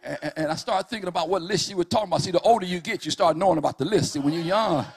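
A man preaching a fervent sermon in a church, swinging from loud calls to hushed storytelling. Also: high-pitched, very fast, husky. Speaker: pastor.

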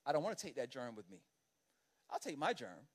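A man preaching a sermon as an animated, conversational storyteller who keeps checking in with the congregation by asking "right?". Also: mid-range voice, fairly quick, husky. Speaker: pastor.

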